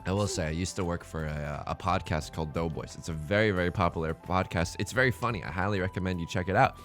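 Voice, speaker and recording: A man's voice: deep voice, fast talker, fairly bright tone, faint music behind. A man hosting a let's play, giving casual gameplay commentary full of joking, rambling asides.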